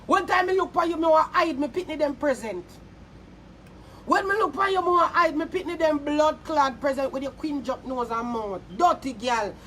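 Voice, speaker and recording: A Jamaican woman vlogger with a high-pitched voice rants straight to the camera, mocking and cursing in heated bursts. A faint hum of background noise sits under her. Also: moderate pace, a bit bright. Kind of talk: angry insult rant to camera.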